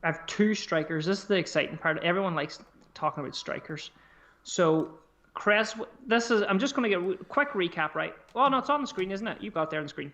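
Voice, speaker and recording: A man co-hosting a podcast in casual chat, chatty and animated, swearing freely as he talks. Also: high-pitched, brisk, slight background noise. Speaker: podcast co-host.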